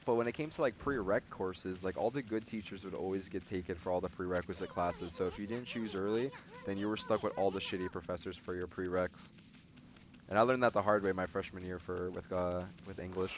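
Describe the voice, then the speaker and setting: A man's voice: low-pitched, brisk. A young man streaming a game, chatting loosely and telling stories with plenty of swearing. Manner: loose, profane storytelling. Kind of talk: casual gaming chat. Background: faint game music.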